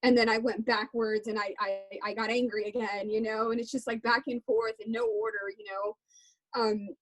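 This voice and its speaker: A woman's voice: on the high side, little pitch movement, moderate pace, low-quality recording. A young adult woman speaking in an interview, talking earnestly and from the heart. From Texas. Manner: earnest, heartfelt, faith-centered. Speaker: guest musician. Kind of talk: candid interview talk.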